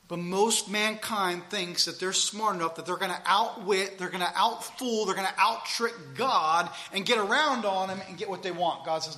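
Male preacher with a high, sharp voice, emphatic, swinging loud and quiet while reading scripture. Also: moderate pace.

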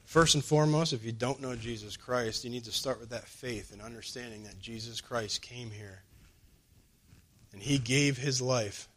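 A man preaching a sermon in a loose, everyday voice of middle pitch. He drops his pace to lean on key lines and springs upward when he voices other people in his stories. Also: normal speed. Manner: conversational, acts out quoted dialogue with lively pitch jumps.

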